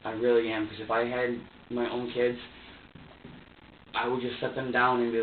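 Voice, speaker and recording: A man being questioned by police, recounting events in a halting, repetitive way with many fillers and restarts. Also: mid-range voice, monotone, far from the mic, a little hiss or hum. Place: sheriff's interview room. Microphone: distant room recorder. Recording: tinny lo-fi, echoey room, off-mic.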